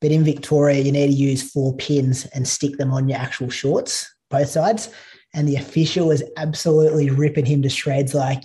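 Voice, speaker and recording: Male host, mellow tone, slightly higher voice, easygoing storyteller. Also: little pitch movement, moderate pace. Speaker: podcast host. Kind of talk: podcast conversation.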